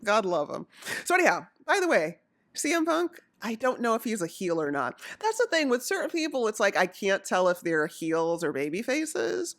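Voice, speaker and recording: Rambling excitable woman recapping wrestling. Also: medium pitch, moderate pace. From Jamaica. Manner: rambling, excitable, jumps between topics. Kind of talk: casual chat.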